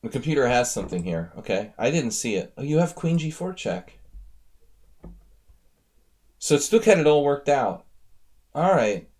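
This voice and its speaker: A man's voice: medium pitch, sing-song, moderate pace, long pauses, a little mellow. Man thinking aloud over chess games. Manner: thinks aloud, chatty, addresses viewers directly. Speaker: chess coach analyzing viewer games. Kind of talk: casual live-stream game analysis.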